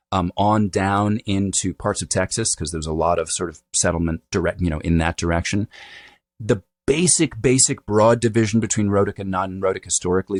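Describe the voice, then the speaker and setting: A middle-aged man who works as a dialect coach explains accents in an interview, demonstrating vowel sounds and checking in with "right?" along the way. His voice is low-pitched, and the recording has no room sound.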